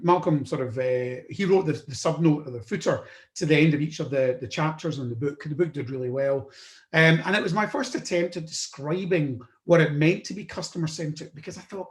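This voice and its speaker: A man from the UK tells the story of his career, his voice sitting a little high for a man. He talks loosely, with plenty of "um"s and restarts. The room around him rings with a noticeable echo. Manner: conversational, with frequent "um" and restarts. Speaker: podcast host. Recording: roomy echo.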